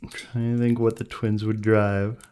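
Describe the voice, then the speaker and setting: A man's voice: on the low side, level tone, normal speed, a little mellow, clean tone. A man narrating as game master of a tabletop role-playing game, playful and teasing with the players.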